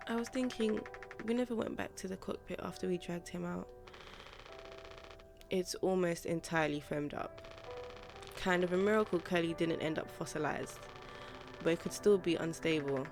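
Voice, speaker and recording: A woman's voice: lowish voice, normal speed, creaky, pauses often, over music. A young woman playing a horror game, chatting casually and reading character dialogue aloud in playful put-on voices. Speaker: let's play streamer.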